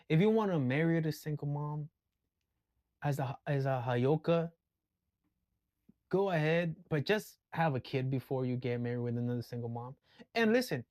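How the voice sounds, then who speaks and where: A man's voice: fairly high pitch, darkish tone, dry recording. A man ranting casually in a vlog, blunt and full of profanity. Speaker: vlogger. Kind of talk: casual rant.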